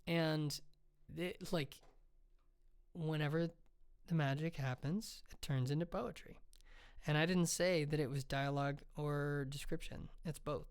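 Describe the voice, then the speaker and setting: A man's voice: fairly high pitch, fairly even intonation, measured pace, clear, resonant tone. A man, a fantasy author, casually explaining his writing craft in a loose, rambling way, with many ums and restarts.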